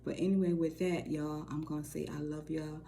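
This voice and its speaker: A middle-aged woman co-hosting a faith channel, talking casually and warmly to her viewers, rambling and repeating phrases as she goes. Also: sits low, flat delivery, normal speed, creaky. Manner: warm, rambling, repeats phrases, says y'all. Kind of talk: casual direct-to-camera talk.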